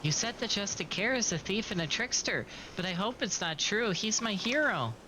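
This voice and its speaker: A man voicing a young girl, higher pitch. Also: expressive, normal speed, background noise. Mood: pleading. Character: scared young village girl, earnest. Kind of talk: reading game dialogue aloud.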